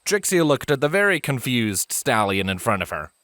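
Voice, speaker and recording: A man narrating a fan story aloud in a lively, expressive storytelling manner. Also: mid-range voice, normal speed, dry recording. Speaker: reader.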